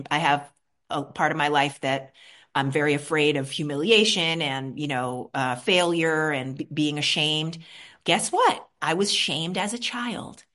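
Speaking in a low voice, a Queens, New York woman candidly recounts her personal recovery journey at a support meeting. She's animated throughout, her tone moving from soft to lively and back.

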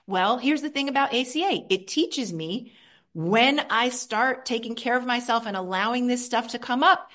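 A woman from Queens, New York, candidly sharing her personal recovery story at a support meeting, animated and shifting between soft and lively. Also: a little high, normal speed.

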